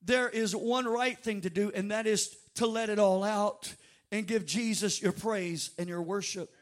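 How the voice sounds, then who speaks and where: A male pastor preaches to his congregation in a strikingly high voice. He swings from quiet storytelling to shouted, drawn-out lines that almost become song. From North Louisiana. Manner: dynamic preaching, bursts of shouting and drawn-out sung phrases. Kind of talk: sermon. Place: church sanctuary before a congregation.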